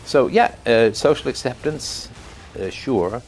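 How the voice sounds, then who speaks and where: A man gives unscripted spoken commentary in a loose, conversational way, packed with fillers and rhetorical "right?" tags, occasionally chuckling at his own examples. His voice is medium-pitched and animated, a little slow.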